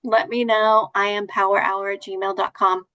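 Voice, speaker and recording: A woman co-hosting a motivational podcast, chatting and telling everyday stories in an animated way. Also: mid-range voice, normal speed, dull audio. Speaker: podcast co-host. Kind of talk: casual chat.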